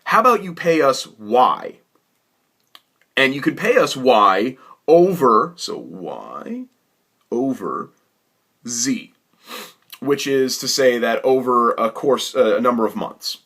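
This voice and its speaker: Male storyteller, animated and exasperated, bright lively delivery, rambling comic anecdote. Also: mid-range voice, slow pace, vocal fry.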